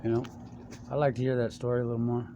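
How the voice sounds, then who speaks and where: A man's voice: mid-range voice, little pitch movement, fast talker. A man talking in a rambling personal monologue to a friend, meandering from topic to topic with many fillers. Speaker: speaker addressing a friend. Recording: clear background noise.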